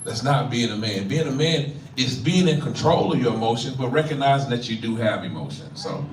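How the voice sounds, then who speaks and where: A man's voice: medium pitch, animated, a little fast. Man, pastor, middle-aged, preacherly, stammering, faint noise, distant mic. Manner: preacherly, repeats "right?" and stammers. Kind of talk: impassioned community talk. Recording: echoey room, mic from far off.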